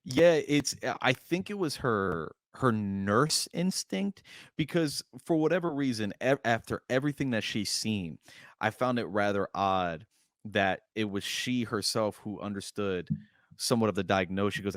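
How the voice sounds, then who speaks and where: A man's voice: on the low side, lively intonation, normal speed, dry recording, studio quality. A man co-hosting a podcast, retelling movie scenes with animation and acting out the characters' lines. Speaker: podcast co-host. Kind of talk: casual film discussion.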